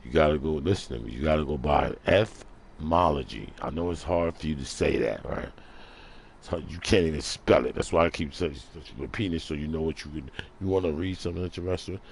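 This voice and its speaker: A man's voice: very deep voice, fast, creaky, darkish tone, slight background noise. A man ranting in a vlog monologue, preachy and full of rhetorical questions, repeating himself for emphasis. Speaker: vlogger.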